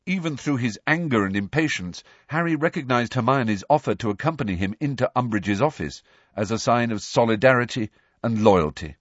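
A man reading a novel aloud as an audiobook narrator, measured and even. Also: medium pitch, dry recording, lo-fi sound.

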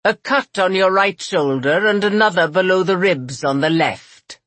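A woman voicing a sharp-witted, wary young woman healer in an audiobook, with crisp, tart replies. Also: lowish voice, moderate pace, dry recording, close to an everyday voice. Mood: dry. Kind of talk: audiobook character voice.

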